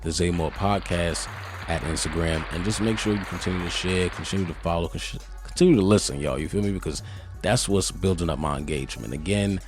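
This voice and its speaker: Male podcast host, extremely low and deep, relaxed conversational delivery, light music bed. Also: brisk. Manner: laid-back, conversational, frequent "you feel me" asides. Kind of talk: casual solo podcast monologue.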